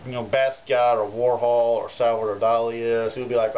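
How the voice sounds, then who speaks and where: A man's voice: medium pitch, little pitch movement, normal speed, few pauses. Rambling man telling a comic tale. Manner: rambling, full of "you know". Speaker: folk artist. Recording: muffled home recording with faint hiss.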